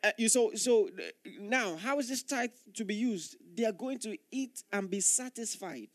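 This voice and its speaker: A man's voice: high voice, moderate pace, no echo. A male pastor preaching a sermon in an earnest, emphatic way, repeating key phrases for weight.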